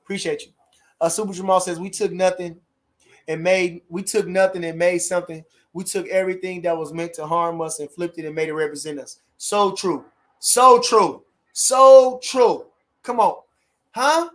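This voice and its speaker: A middle-aged man hosting a casual livestream, animated and repeating catchphrases as he chats. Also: sits high, a little fast. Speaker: livestream host.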